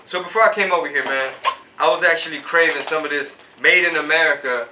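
A man's voice: a little high, quick pace, recorded from a distance. A man hosting a live stream as a comedian, chatting casually in slang and dropping into Spanish. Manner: slangy, switches into Spanish for bits. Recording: echoey room, voice a bit off-mic, faint noise.

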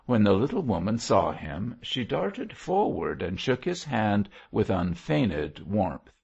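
A man narrating an audiobook in a measured, expressive reading. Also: fairly low pitch, creaky, breathy edge. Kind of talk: scripted narration. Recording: dull lo-fi audio.

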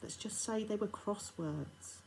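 A woman's voice: mid-range voice, animated, unhurried, creaky, darkish tone, a little hiss or hum, pitched above the performer's own voice, rough recording. A woman reading as a stern, grieving lady of the manor. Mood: grave.

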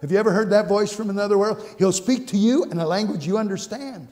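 A high-pitched man preaches in a church sanctuary, his voice trailing off into a long reverb. He tells his own story earnestly, repeating phrases, and moves from quiet, hushed lines to bursts of exclamation. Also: fast talker, few pauses. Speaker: pastor. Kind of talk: sermon with personal testimony.

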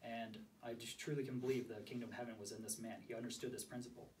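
A man with a hoarse voice giving a sermon to a small group, reading scripture aloud and asking for volunteers. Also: mid-range voice, little pitch movement, fast talker, darkish tone. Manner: asks the group questions, reads scripture aloud. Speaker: preacher. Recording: distant mic with faint background noise.

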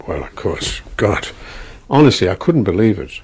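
An older Irish man recalls his career in a relaxed interview, chuckling as he goes. His voice is mellow and slightly husky. The melody of his speech rises and falls a lot. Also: low voice, normal speed. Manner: chatty storyteller, chuckles, restarts.

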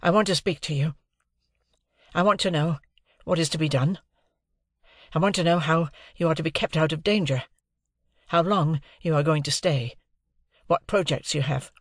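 A man voicing a fearful, strained young gentleman who asks tense, pleading questions. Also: fairly high pitch, moderate pace, dry recording, clean studio sound, close to an everyday voice. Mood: anxious.

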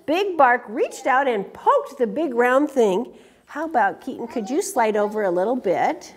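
High-voiced woman reading storytime to small kids, sing-song and very lively. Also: a little slow, breathy edge. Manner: animated, sing-song, coaxing. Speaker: children's storyteller. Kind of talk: storytime read-aloud to children.

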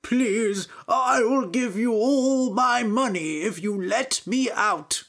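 A woman's voice: lively intonation, slow pace, gravelly, fairly bright tone, slightly rough, exaggerated voice. A woman doing a panicky trapped priest. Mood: panicked pleading. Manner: high, pleading and panicky. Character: frightened male priest trapped in a basket.

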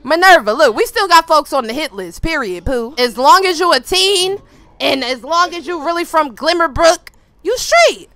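A young woman hosting a gaming video, giving loud, playful trash-talk commentary full of slang. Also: high voice, lively intonation, moderate pace, no room sound. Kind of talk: let's play commentary.

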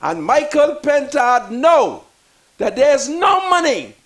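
A Bahamian-accented man delivers fiery political commentary like a preacher, repeating lines for emphasis until he is shouting. His voice is very high and very animated, and he speaks slowly.

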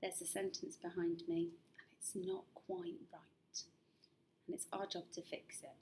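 A woman teaching a recorded phonics lesson to young children, spelling out sounds slowly and patiently encouraging them. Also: on the low side, flat delivery, dark tone, a little hiss or hum.

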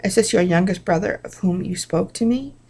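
Woman voicing a tender grown man, gentle, long-lost brother, devotional reading. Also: medium pitch, fairly quick, vocal fry, breathy edge.

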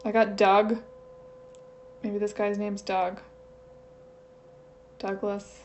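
In a casual solo channeling session, a woman with a medium-pitched, even-toned voice stretches out her words. She sounds hesitant, thinking aloud and second-guessing herself. The lo-fi recording is slightly dull, with faint background noise.

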